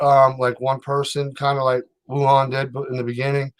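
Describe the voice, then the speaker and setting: A man's voice: mid-range voice, monotone, a little fast, clean tone. A man hosting a casual livestream chat, rambling and hesitant, with many fillers. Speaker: livestream host.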